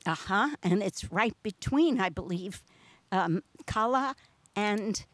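A woman with a New York accent hosting a casual interview, chatty and quick to laugh. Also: medium pitch, expressive, no echo. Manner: chatty, laughs often, restarts sentences. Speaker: radio show host.

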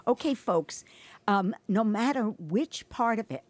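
A woman's voice: on the high side, lively intonation, measured pace, dry recording. A woman hosting a local arts radio show, chatting playfully with her guests and laughing often. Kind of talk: casual interview chat.

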